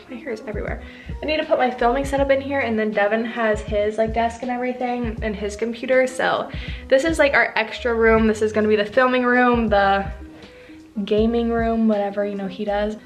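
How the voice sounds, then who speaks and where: A young woman with a slightly high voice walks through an empty apartment with a handheld camera, chatting casually and peppering her talk with "like." She sounds upbeat and a little out of breath. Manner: chatty, uses "like" often, upbeat. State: a bit out of breath. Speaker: vlogger. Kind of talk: casual home tour vlog. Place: empty apartment with bare rooms, indoors.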